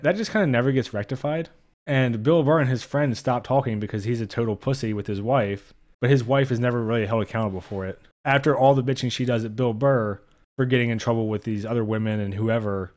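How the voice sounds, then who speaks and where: A man's voice: medium pitch, darkish tone. A young man giving a casual spoken movie review, blunt and profane, openly exasperated.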